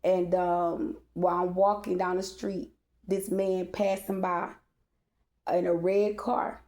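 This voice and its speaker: A woman's voice: fairly low pitch, flat delivery, slow pace, a little mellow. A woman telling a casual storytime monologue, rambling with many fillers, speaking straight to her audience and swearing freely. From Texas.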